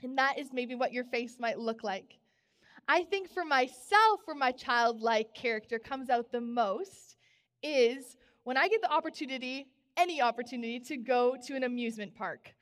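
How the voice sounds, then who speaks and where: Young woman preacher with a bright high voice, bubbly storyteller, long church reverb. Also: moderate pace. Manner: bubbly storytelling, animated exclamations. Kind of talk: sermon. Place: church sanctuary.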